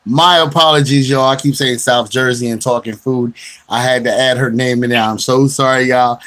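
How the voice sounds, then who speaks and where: A man's voice: medium pitch, fairly even intonation, normal speed, a bit bright. Joking man hosting a radio food show. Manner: loose, joking, talks straight to listeners. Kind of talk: casual internet radio chat.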